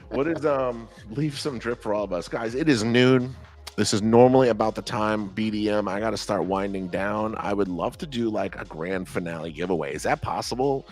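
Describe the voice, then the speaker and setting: A young man hosting a live trading stream, telling animated stories and acting out quotes in casual chat. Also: lowish voice, normal speed, soft background music. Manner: animated storytelling, acts out quotes. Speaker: trader and show host.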